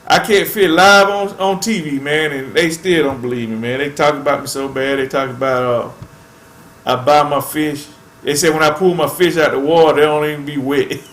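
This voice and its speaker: Man, casual fishing-channel host, laid-back drawl, fairly high voice, echoey room. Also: fairly even intonation, a bit bright. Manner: laid-back, says "man" constantly, drawn-out phrasing. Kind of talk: casual chat to viewers.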